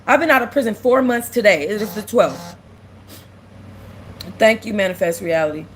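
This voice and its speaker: A woman's voice: mid-range voice, moderate pace, a little hiss or hum. A young woman, host of a casual livestream, speaking candidly and close to tears. She repeats herself and reads out and answers viewers' comments. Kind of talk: emotional casual livestream talk.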